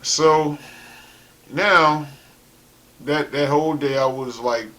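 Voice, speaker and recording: A man's voice: fairly high pitch, steady tone, takes it slowly, sharp tone. Laid-back man telling stories. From South Carolina, US. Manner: loose and conversational, heavy on fillers like "you know" and "like". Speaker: rapper telling his life story. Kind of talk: casual spoken storytelling.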